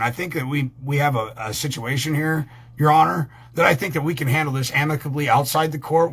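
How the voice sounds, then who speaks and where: Brief: profane male host, husky voice, pitch swings wide, rambling and heated. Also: fairly bright tone. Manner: rambling, crude, heated and emphatic. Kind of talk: profane ranting talk.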